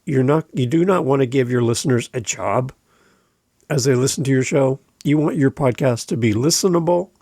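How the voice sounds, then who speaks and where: Gravelly, emphatic podcast coach. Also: male voice, mid-range voice, normal speed, a little mellow, no echo. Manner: direct and emphatic, repeats key points. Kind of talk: podcast advice talk. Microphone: close studio microphone.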